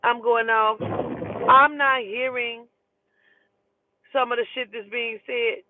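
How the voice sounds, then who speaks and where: A woman telling a heated, profane story in an emphatic, animated way. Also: fairly high pitch, takes it slowly, a little hiss or hum. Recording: tinny phone-like sound.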